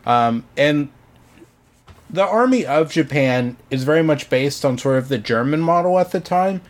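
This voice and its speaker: A man's voice: on the high side, expressive, unhurried. A man co-hosting a podcast, explaining history in a casual, hesitant way, full of ums and "sort of". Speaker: podcast co-host presenting history.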